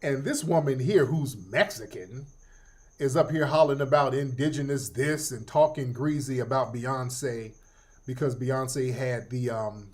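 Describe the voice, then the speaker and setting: A man's voice: mid-range voice, a little slow. A middle-aged man hosting a casual livestream commentary, profane and joking, laughing often. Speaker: host.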